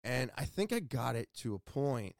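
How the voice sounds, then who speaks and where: A man's voice: mid-range voice, very animated, moderate pace, creaky, no echo, clean studio sound. A man hosting a casual solo podcast, talking candidly and swearing freely as he scolds himself, while nursing sore ribs from a torn muscle. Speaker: podcast host.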